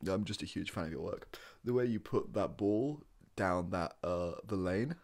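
A man voicing a giddy, starstruck young fan in whispered role-play. He gushes in a fast, breathless rush. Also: low voice, darkish tone, pitched below the performer's own voice.

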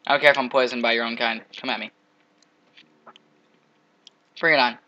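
Young man, gameplay commentary, bright tense voice, jokey, trash-talking, sudden yelps. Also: mid-range voice, fairly even intonation, rapid-fire, dull audio. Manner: jokey, trash-talks monsters, sudden loud outbursts.

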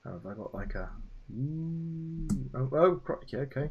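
A man's voice: a little high, expressive, normal speed, slightly rough, highs cut off. A man playing through a student game, chatting about it and reading its lines aloud. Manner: chatty, muses aloud, reads game text aloud. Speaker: lecturer playing student games. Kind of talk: let's play with feedback commentary.

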